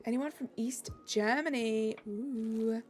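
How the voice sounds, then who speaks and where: A woman's voice: a little high, slow, a little mellow, soft background music. A young woman from England with a Southeast English accent, chatting upbeat with her live-stream chat while she plays.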